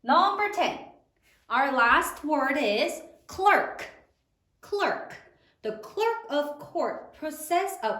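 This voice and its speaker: A woman teacher giving a slow, sing-song spelling lesson to third graders. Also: sits high, bright, forceful tone, echoey room.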